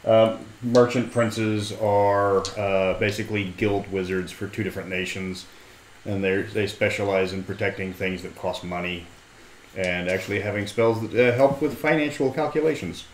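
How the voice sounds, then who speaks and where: A man's voice: on the low side, steady tone, moderate pace, a little hiss or hum. A man playing at a tabletop game, explaining rules and lore in a wry, easygoing way. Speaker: player and game writer. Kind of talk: casual tabletop game chat. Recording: roomy table recording.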